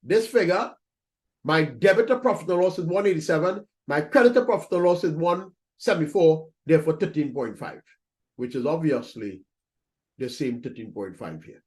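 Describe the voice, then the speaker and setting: This accounting instructor has a fairly high, slightly mellow voice with lively intonation and a moderate pace. In a screen-recorded lecture he goes through entries step by step, repeats points, and asks "right?" to check in.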